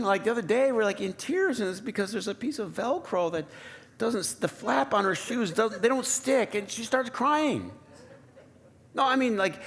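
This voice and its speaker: Playful pastor preaching. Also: male voice, high voice, gravelly, fairly bright tone. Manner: conversational, playful, asks the congregation questions. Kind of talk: sermon. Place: church sanctuary.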